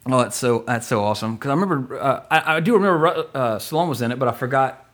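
Fast, rambling podcast co-host, excitable and jokey. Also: male voice, mid-range voice. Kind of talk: casual movie podcast chat.

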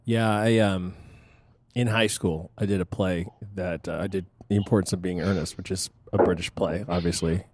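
Male co-host, casual, hesitant delivery, low voice, dry sound. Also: fairly even intonation, moderate pace, a little mellow, dry recording. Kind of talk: casual chat.

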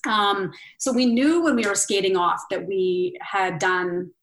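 A woman's voice: medium pitch, unhurried, poor audio. A middle-aged woman, an interview guest, recounting a past competition candidly, acting out what people said, with many fillers. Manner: candid, animated, lots of fillers and acted-out quotes. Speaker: interview guest, former Olympic pairs skater. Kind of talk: emotional personal storytelling.

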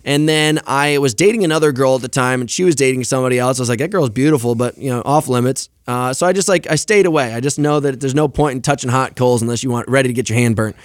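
A man's voice: medium pitch, quick pace, few pauses, no room sound, studio quality. A young man in casual podcast chat, telling stories animatedly, swearing and acting out quoted lines. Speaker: podcast guest.

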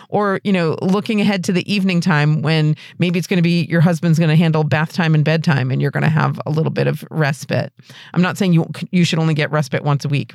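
Middle-aged woman, podcast host giving earnest advice, dry close-miked sound. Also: no echo. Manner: warm, encouraging, earnest; lively pitch rises. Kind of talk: advice podcast, answering a listener question.

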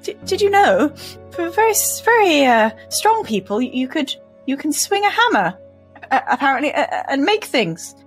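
A woman's voice: sits high, big pitch swings, moderate pace, faint music behind. A woman playing her tabletop character, speaking in a stammering, anxious, pleading way. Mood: hesitant. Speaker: player character Reth. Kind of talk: in-character tabletop role-play.

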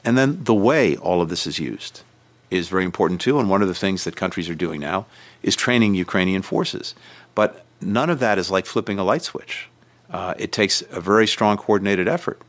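A man, a senior official, giving measured interview answers with emphatic stresses and frequent restarts. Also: low voice, animated.

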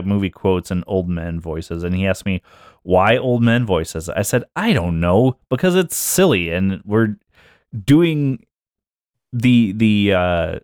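A man's voice: fairly low pitch, smooth, dry recording, studio quality. A man co-hosting a casual podcast, chatting and laughing often as he reads old lyrics aloud. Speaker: podcast co-host.

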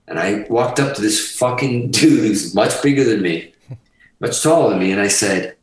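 A man from Massachusetts telling profane, animated stories as a guest on an interview show. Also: fairly low pitch, normal speed, echoey room, recorded from a distance, low-quality recording. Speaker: guest guitarist. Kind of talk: casual storytelling interview.

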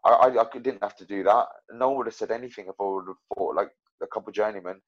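A man's voice: lowish voice, racing, dull audio. A man talking as an MMA fighter guest, rambling and frank about his own fights. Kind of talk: casual interview chat.

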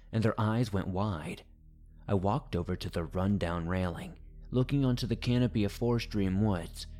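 Low, dark-voiced man narrating horror. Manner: tense, dramatic storytelling. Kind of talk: first-person scripted horror narration.

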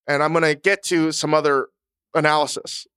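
Smooth-voiced man, blunt and profane. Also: a little high, flat delivery, moderate pace, sharp tone, no echo, clean studio sound. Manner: blunt, profane, self-mocking. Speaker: podcast co-host. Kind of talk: casual chat.

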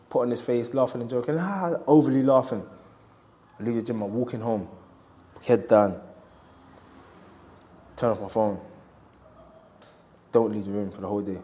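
A man's voice: on the low side, mellow. Reflective man opening up. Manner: open, reflective storytelling with quoted asides. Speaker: interview guest, boxer. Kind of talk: candid conversational interview.

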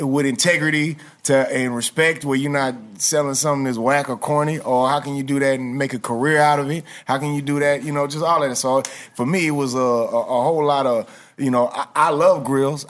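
A man, a guest on a podcast, telling stories in a relaxed, slangy way. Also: medium pitch. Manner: laid-back storytelling with slang. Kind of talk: casual interview chat.

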